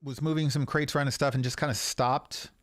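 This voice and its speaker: A man narrating and running a tabletop role-playing game as game master, often pausing with ums. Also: mid-range voice, fairly even intonation, dry recording, clean studio sound. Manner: hesitant, many ums.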